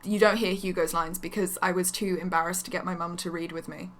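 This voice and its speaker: A woman's voice: on the low side, steady tone, brisk. A woman in her twenties, a voice actress, chatting casually and sheepishly about her old work. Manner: self-deprecating, sheepish. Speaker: voice actress guest. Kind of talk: casual chat.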